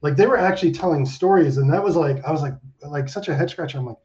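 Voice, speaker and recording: Guy around fifty telling stories on a podcast, kinda high voice, swears a lot, laughs, muffled lo-fi audio. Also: quick pace. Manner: animated, swearing storyteller full of likes and laughs. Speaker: guest animator. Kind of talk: casual interview chat. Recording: dull lo-fi sound.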